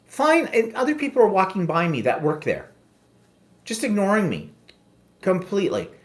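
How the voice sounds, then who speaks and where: A man spinning a casual story on his talk show, his pitch swooping up and down with lively expression. He slips into sarcasm and quick impressions of the people he talks about, keeping it all chatty and loose. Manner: animated, sarcastic, mimics voices in anecdotes. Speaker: podcast co-host.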